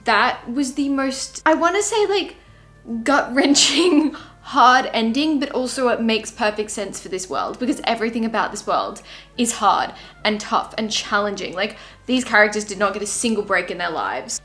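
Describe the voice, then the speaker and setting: A young woman with a fairly high voice talks straight to her viewers in a casual book vlog. She gushes and rambles, caught up in her own feelings about the story. Soft music plays faintly underneath. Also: lively intonation, normal speed. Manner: gushing, emotional and rambling. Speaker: book vlogger.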